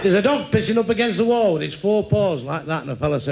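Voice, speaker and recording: Crude Mancunian man with gravelly high voice. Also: a little hiss or hum. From England. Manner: rapid-fire, crude, deadpan punchlines. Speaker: stand-up comedian. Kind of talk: stand-up joke telling.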